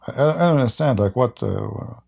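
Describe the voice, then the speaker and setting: Hosting a live stream of religious debate commentary, a man speaks in a gravelly, dark, worn-out voice at medium pitch, sounding animated. His pattern is to read quoted passages slowly and follow them with mocking remarks.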